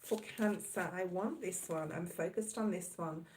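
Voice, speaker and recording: A woman gives a casual tarot reading to camera in a lowish, slightly mellow voice at normal speed. She rambles and reassures, fills her talk with fillers and frequent "okay?", and checks in often with the viewer. The recording is rough, with slight background noise.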